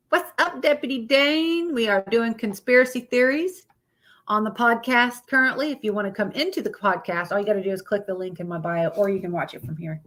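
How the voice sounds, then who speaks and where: A woman's voice: on the high side, normal speed, a bit bright. A woman hosting a casual live stream, greeting viewers by name and reading out topics aloud with stumbles and blunt asides.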